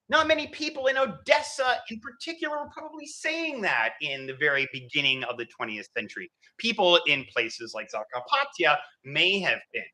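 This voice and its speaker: A man giving an academic history lecture, animated and thinking aloud with frequent fillers. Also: high-pitched, low-quality recording.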